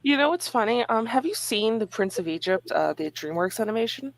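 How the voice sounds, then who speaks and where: A woman chatting casually on a stream in a relaxed way, sharing facts and laughing easily. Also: a little high, fairly quick, very noisy. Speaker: webcomic co-creator streaming. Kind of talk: casual chat.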